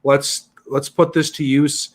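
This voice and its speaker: A man's voice: on the high side, level tone, slow. A man hosting a podcast, casually steering to the next topic with some filler words. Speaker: podcast host.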